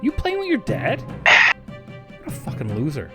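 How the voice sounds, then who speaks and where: A man's voice: mid-range voice, animated, moderate pace, over music, lightly acted. A man playing a short, brash male racer who trash-talks his opponents in a crude, swaggering way. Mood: mocking.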